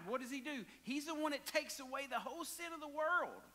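A pastor preaching a sermon, dropping to hushed whispers and rising to hollers. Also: male voice, extremely high pitch, animated, fairly quick, hardly any pauses, in a large hall.

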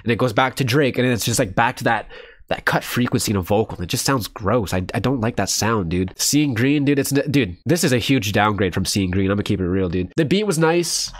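A man's voice: lowish voice, lively intonation, brisk, no room sound, studio quality. A young man giving a casual first-listen reaction to an album, blunt and candid, often saying "dude" and swearing freely. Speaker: music reaction streamer.

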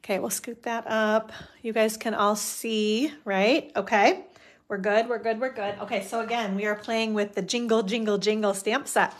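A woman's voice: medium pitch, steady tone, moderate pace. Chatty woman hosting a live crafting demo. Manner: chatty, rambling, self-talk with fillers and little laughs. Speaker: stamping demonstrator hosting a live stream.

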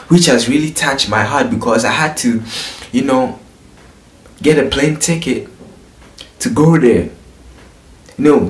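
A young man with a Ghanaian accent giving casual gossip commentary as an entertainment vlogger, chatty and always checking in with the listener. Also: mid-range voice. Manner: chatty, keeps asking "you get it?". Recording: roomy echo.

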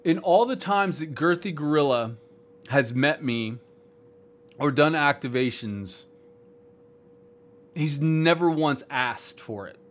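A man with a somewhat high voice hosts a livestream, speaking straight to viewers. His talk is loose and blunt, with many fillers, restarts and "bro"s. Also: lively intonation, slow, pauses often. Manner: blunt and rambling, full of "like", "um" and "bro". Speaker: streaming platform staff host.

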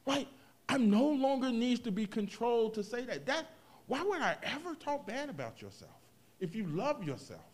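A man preaching a sermon, moving from hushed reflection to loud, animated emphasis, with casual asides to the congregation. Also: very high voice, moderate pace. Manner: expressive preaching, swings from quiet to loud, vernacular asides. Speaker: pastor.

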